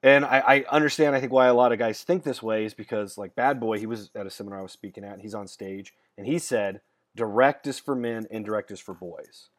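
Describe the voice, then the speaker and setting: Male dating coach, casual to-camera talk, lowish voice, blunt and rambling, restarts his sentences. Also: fast talker, hardly any pauses. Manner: rambling storyteller, repeats words as he restarts; blunt, straight-talking.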